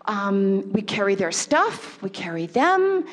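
A woman giving an animated lecture to a live audience and asking them questions. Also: mid-range voice, slow, big-room sound. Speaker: parenting workshop speaker.

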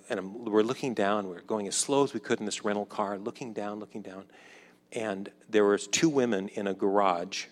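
A man in his fifties telling a personal story in a conversational way, acting out the dialogue and dropping softer when reflective. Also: lowish voice. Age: 50s. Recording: long hall reverb.

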